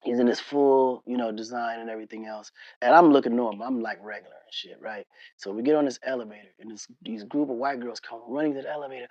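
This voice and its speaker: A man as an interview guest, telling casual, animated stories full of slang and laughter. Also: mid-range voice, quick pace, hardly any pauses, no echo, highs cut off. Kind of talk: casual storytelling conversation.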